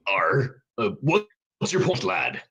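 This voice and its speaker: A man's voice: mid-range voice, wildly swooping pitch, slow, muffled recording, background noise. A man playing a blustering pirate who growls "arr". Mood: gruff. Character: gruff old pirate sailor, male, blustering. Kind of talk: student stage play.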